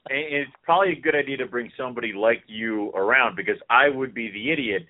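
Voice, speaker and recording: A man co-hosting a podcast, chatting casually in a joking, excitable way, often acting out what others would say. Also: medium pitch, a little fast. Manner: joking, excitable, quotes others in animated voices. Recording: tinny phone-like call audio.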